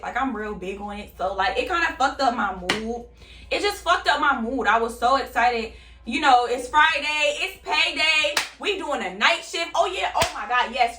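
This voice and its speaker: A woman's voice: fairly high pitch, recorded from a distance. A young woman vlogger telling a candid, casual story and swearing freely. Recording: roomy, off-mic, faint music.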